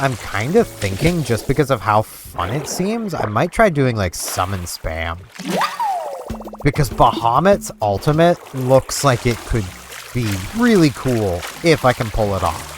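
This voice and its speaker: A man vlogging while playing a game, rambling casually with many fillers. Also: mid-range voice. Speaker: gaming vlogger. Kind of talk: casual chat over gameplay. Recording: game music underneath. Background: game music.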